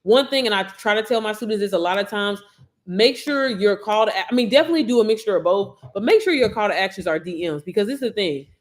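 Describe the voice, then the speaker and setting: A talkative woman hosting a casual livestream, speaking straight to her viewers in loose, slangy phrasing. Her pitch sits mid-range for a woman and jumps up and drops down as she goes. She keeps a coaching tone throughout. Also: fast talker. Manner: chatty, slangy, addresses viewers directly; lively swings in pitch and loudness. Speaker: online business coach.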